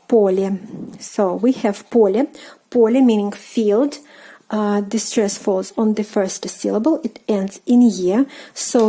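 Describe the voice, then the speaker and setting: A woman with a Russian accent teaching an online language lesson, explaining casually with fillers and repeating words slowly for practice. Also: mid-range voice, dark tone, husky.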